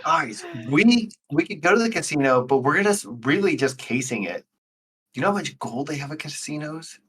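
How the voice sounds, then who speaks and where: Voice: mid-range voice, animated, normal speed, distant mic. A tabletop game player asking wry, joking questions in casual in-character talk. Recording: husky voice from off-mic.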